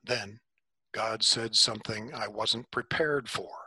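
Slow, husky male storyteller. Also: lowish voice, pushed and bright, dry recording. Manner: unhurried, dramatic pauses. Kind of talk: first-person dramatic storytelling.

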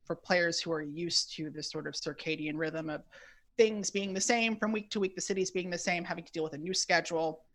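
A man as a podcast interview guest, speaking in a measured, thoughtful way with some hesitations. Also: fairly high pitch, a bit bright. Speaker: guest tennis editor.

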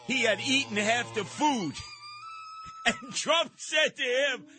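A man hosting a talk radio show, delivering a brash, mocking monologue with frequent shouting and a New York accent. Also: very high-pitched, takes it slowly, soft background music.

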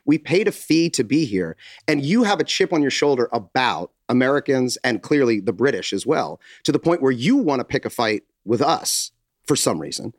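A middle-aged man, a podcast co-host, is telling a story, jumping into the voices of everyone involved and cursing freely. His pitch sits at a normal middle range. He is close on a dry mic. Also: moderate pace, dry recording. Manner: animated storyteller, acts out quotes, swears freely. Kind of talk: casual chat, storytelling.

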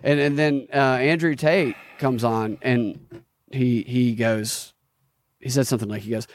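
A man hosting a podcast in casual chat, rambling and swearing, with many halting restarts. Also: medium pitch, steady tone, a little hiss or hum. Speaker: podcast host.

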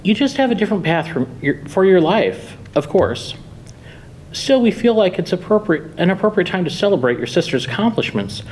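A man's voice: high voice, very animated, brisk, darkish tone, slight background noise, voice pushed up, low-quality recording. A man voicing a fussy, insistent suburban mother in a story reading, with a chirpy, coaxing manner.

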